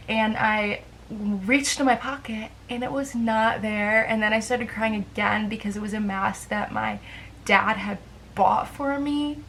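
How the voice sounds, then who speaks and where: A woman's voice: mid-range voice, fairly bright tone, slight background noise, poor audio. A young woman chatting casually to camera in a rambling, self-deprecating way, with lots of fillers. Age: young adult. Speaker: vlogger.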